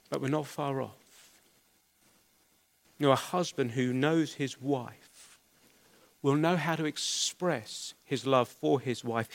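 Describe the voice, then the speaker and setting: A man's voice: a little high, measured pace, creaky. Earnest, stammering male preacher. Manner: earnest, conversational, with small stammers. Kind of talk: expository sermon.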